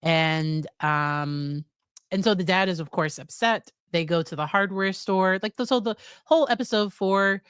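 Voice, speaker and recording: A woman's voice: lowish voice, unhurried, a bit bright, smooth, dry recording, clean studio sound. An American woman psychologist casually recapping a series, chatty, with fillers and quoted lines. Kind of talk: casual spoken review.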